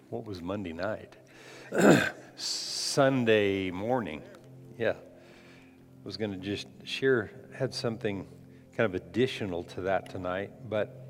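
A man preaching a conversational sermon as a pastor, often restarting his phrases. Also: lowish voice. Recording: long hall reverb.

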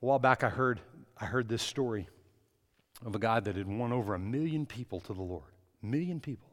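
A man preaching a sermon as pastor, swinging between soft words and loud, impassioned stretches. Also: mid-range voice, brisk, long reverb tail. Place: church.

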